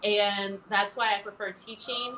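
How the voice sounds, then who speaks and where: A woman's voice: medium pitch, fairly even intonation, unhurried, pushed and bright, soft background music, rough recording. A woman talking animatedly as an interview guest, laughing often as she tells her story. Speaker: interview guest, former pageant titleholder. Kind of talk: casual interview chat.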